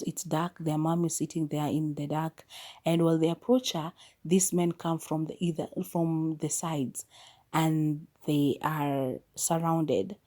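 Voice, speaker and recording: A woman podcast host retelling a film's plot in a chatty, casual way, with quick asides and restarts. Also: sits low, dark tone. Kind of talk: casual movie recap.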